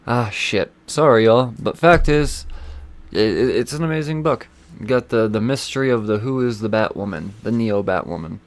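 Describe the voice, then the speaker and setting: An excitable man hosts a solo podcast in a casual, rambling style. His voice sits fairly low, and his delivery is loose and profane. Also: gravelly. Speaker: comic book podcast host.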